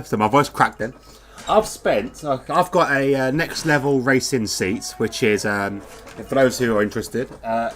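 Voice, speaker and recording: A man's voice: mid-range voice, normal speed. A man giving casual live commentary on a sim race, chatting in a rambling way with lots of fillers, speaking into a wireless headset.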